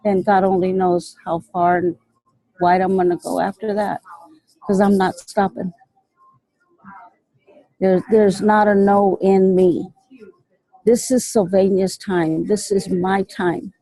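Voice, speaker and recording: A woman's voice: medium pitch, flat delivery, slow, pauses often, mellow, no echo, poor audio. A woman on a video call giving a fervent, motivational testimonial, often repeating herself. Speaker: team member sharing on a call. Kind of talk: emotional testimonial.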